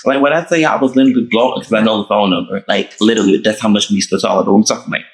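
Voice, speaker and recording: A man hosting his own show, telling a dramatic personal story to his viewers in a casual, animated way. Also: fairly low pitch, very fast, low-quality recording. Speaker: host.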